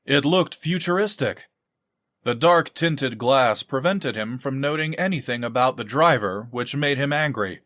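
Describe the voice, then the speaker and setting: A man reading a novel aloud in measured scripted narration. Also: mid-range voice, animated, a bit bright, no room sound, studio quality. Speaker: audiobook narrator.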